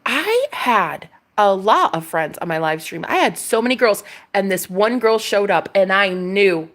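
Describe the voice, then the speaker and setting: A woman vlogger telling a casual story, excitable and gushing, laughing often. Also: medium pitch, unhurried. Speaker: tarot reader vlogger.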